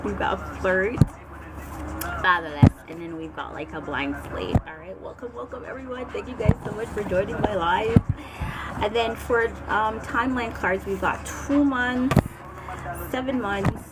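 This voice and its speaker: A woman from Jamaica hosting a live tarot reading, chatting and thinking aloud with drawn-out fillers. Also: mid-range voice, heavy background noise. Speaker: tarot reader. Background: loud background music.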